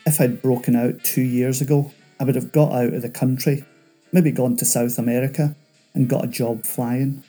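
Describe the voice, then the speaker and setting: A man voicing a chatty male escaped convict who talks fast and nervously. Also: medium pitch, steady tone, dark tone, breathy edge, faint music behind, lightly acted.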